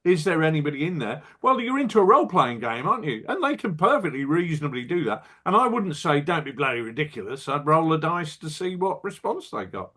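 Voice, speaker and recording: A man's voice: a little high, sing-song, brisk, few pauses, bright, forceful tone. An older man who designs wargame rules, chatting on a podcast in a blunt, wry way, often restarting his sentences. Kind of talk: casual podcast chat.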